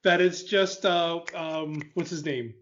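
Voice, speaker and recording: A man chiming in on a casual panel chat, jokey and excited, laughing as he talks. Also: fairly high pitch, takes it slowly, slight background noise. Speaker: podcast panelist. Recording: dull lo-fi sound.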